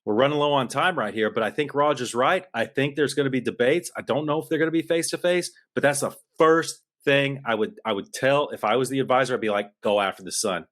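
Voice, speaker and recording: A man on a podcast mic, getting more and more worked up as he rants. His pitch sits in an ordinary middle range. His talk is heated and insistent, with the sound of a studio microphone. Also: quick pace, hardly any pauses, fairly bright tone. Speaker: podcast co-host. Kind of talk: political podcast rant.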